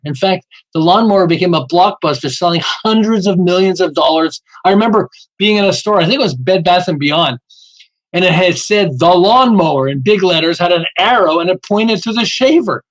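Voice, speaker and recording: This marketing author, appearing as a podcast guest, has a high-pitched voice captured on poor audio. He tells his marketing stories with lively emphasis, playing out small exchanges and frequently checking in with "okay?"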